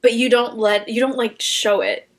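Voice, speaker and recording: A woman's voice: fairly high pitch, moderate pace. A young woman co-hosting a podcast, chatting casually and reflecting on her friend's story. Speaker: podcast co-host. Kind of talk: casual chat.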